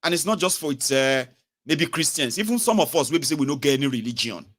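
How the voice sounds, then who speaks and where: A young Nigerian man with a Nigerian English accent and Pidgin, giving a casual, animated commentary monologue as host. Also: a little high, fast talker. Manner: animated, mocking, switches to Pidgin and Yoruba.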